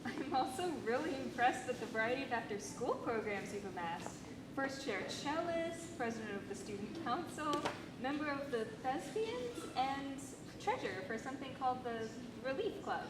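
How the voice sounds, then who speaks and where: A wry, sarcastic admissions interviewer, acted by a young woman on a school stage, her high voice rising and falling a lot. The sound is echoey with loud hiss behind it. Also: lively intonation, normal speed. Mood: impressed. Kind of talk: school stage play acting.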